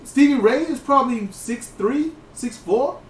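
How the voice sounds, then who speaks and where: A man hosting a casual wrestling podcast, telling stories in a lively way, with frequent swearing and restarted sentences. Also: extremely high pitch, measured pace, a little hiss or hum. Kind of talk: casual commentary chat. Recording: roomy, distant mic.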